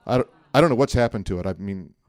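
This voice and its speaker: A man's voice: on the low side, fast, no room sound. Middle-aged guy preaching, chatty storyteller, dry close sound, jokey asides. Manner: animated storytelling, jokey asides, frequent "right?". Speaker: pastor. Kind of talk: sermon with personal story.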